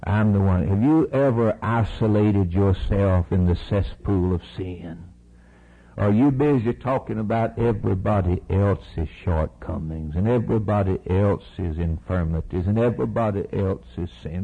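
A man preaching an impassioned sermon, swinging between shouted peaks and hushed, intimate lows. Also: normal speed, gravelly, breathy edge, narrow, tinny audio.

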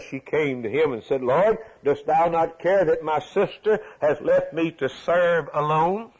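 A man's voice: mid-range voice, darkish tone, husky, rough recording. A man preaching a sermon, emphatic and repetitive, asking the congregation rhetorical questions.

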